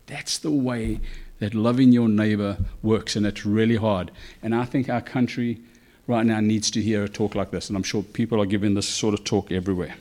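A man preaching a conversational sermon, animated, with acted asides. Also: fairly low pitch, moderate pace. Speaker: pastor.

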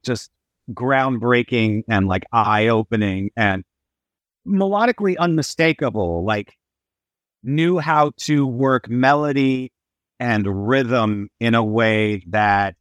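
A middle-aged man in casual podcast chat, a lively storyteller who acts out the voices of people he quotes. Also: medium pitch, slow, no echo. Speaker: guest musician.

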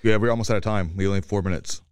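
A man's voice: fairly low pitch, steady tone, clear, resonant tone, no echo. A young man co-hosting a podcast, chatting casually about a movie and teasing his co-host. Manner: teasing, quick to correct, joking. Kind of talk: casual movie review chat.

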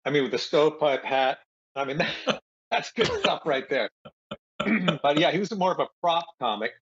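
A man comedian guest in an interview, joking in a dry, deadpan way. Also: fairly high pitch, normal speed, slight background noise. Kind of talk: deadpan comic banter. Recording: slightly muffled audio.

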